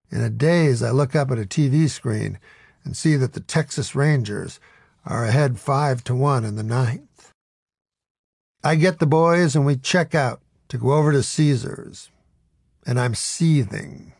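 A man reads a first-person audiobook story in a wry, storytelling way. His delivery is slow and gravelly. The recording is close and very dry. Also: medium pitch, a little mellow, dry recording. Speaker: narrator.

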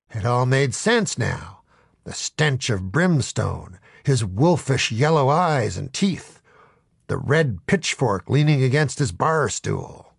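Deadpan comic audiobook narrator, man, gravelly voice, lively pitch swings. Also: slow pace, no echo, clean studio sound.

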